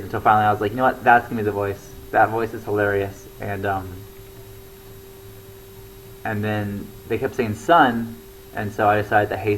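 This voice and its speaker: A man's voice: fairly low pitch, creaky, a little hiss or hum, poor audio. A young man talking casually to camera, rambling with lots of fillers and restarts. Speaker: comedy show regular.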